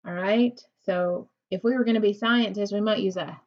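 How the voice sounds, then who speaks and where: A woman's voice: mid-range voice, moderate pace, darkish tone. A woman teaching a phonics lesson to second graders, patient and encouraging, drawing out words. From United States. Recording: dull lo-fi recording.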